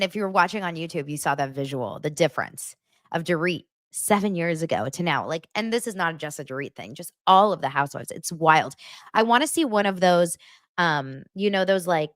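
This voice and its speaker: A woman's voice: on the low side, lively intonation, moderate pace, fairly bright tone, no echo, studio quality. A woman hosting a livestream, chatting casually to her viewers in a gushing way, full of fillers and asides. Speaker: host of a pop-culture livestream show. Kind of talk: casual chat to a live audience.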